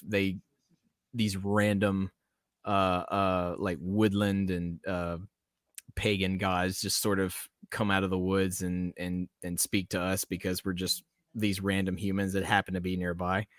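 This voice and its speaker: A man's voice: low voice, fairly bright tone, no echo, clean studio sound. A man hosting a casual livestream podcast, rambling and chuckling as he talks to his chat. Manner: rambling, chuckling, self-interrupting. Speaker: podcast host.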